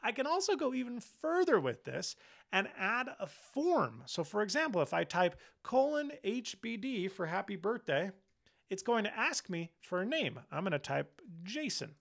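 Gravelly-voiced tired man demoing apps. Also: sits high, sing-song, moderate pace, fairly bright tone. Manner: chatty, enthusiastic, talks while demonstrating. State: tired, low on energy. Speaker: tech channel host. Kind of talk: casual software demo.

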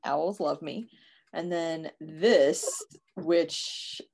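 A woman's voice: low-pitched, very slow, creaky, darkish tone, a little hiss or hum. A woman in her forties co-hosting a casual chat, laughing often as she talks. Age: 40s. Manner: giggly, chatty. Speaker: co-host.

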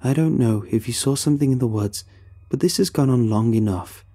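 A man's voice: mid-range voice, brisk, warm tone, breathy edge, voice pushed up, close to an everyday voice. A man voicing an exasperated young man in a horror story, whose words sound oddly off.

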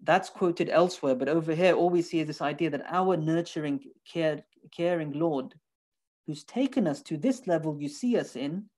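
A man's voice: a little high, warm tone. Earnest man explaining scripture terms. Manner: explains Arabic terms step by step, quotes and translates verses; earnest, emphatic, repeats for stress. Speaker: lecturer. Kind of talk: Quran study lecture.

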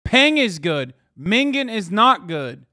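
A man running a live reaction stream in a loose, profane and incredulous way, laughing between remarks. His voice sits a little high for a man. The sound is close and dry, with no room around it. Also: very animated, slow, bright, forceful tone, no echo. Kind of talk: casual live-stream commentary.

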